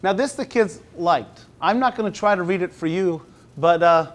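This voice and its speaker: A high-voiced male teacher gives a conference presentation at a university talk. His manner is conversational with restarts, and he slows down when reading aloud.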